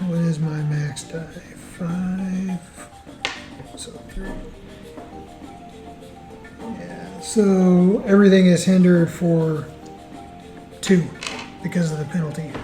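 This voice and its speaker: A man with a high, mellow voice plays a tabletop game and thinks out loud. He speaks slowly and hesitantly, with pauses. The room is echoey, with faint music behind. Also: vocal fry. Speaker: player. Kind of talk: casual tabletop play. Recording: roomy echo, faint music.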